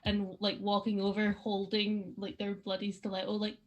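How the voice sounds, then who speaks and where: A woman's voice: medium pitch, monotone, moderate pace, lo-fi sound. A woman playing a tabletop game, describing her character's actions with hesitant fillers. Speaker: player.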